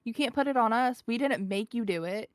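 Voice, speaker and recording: A woman's voice: a little high, fairly quick, no room sound. Emphatic sweary woman, dry sound. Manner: emphatic, swears, repeats points for stress. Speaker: stream co-host. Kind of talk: heated live-stream chat.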